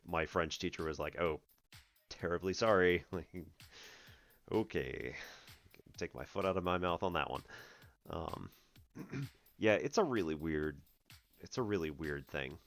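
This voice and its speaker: A man from the US Northeast hosting a math stream, chatting casually, laughing often and clearing his throat. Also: extremely low pitch, animated, unhurried, pauses often, faint music behind. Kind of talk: casual livestream chat.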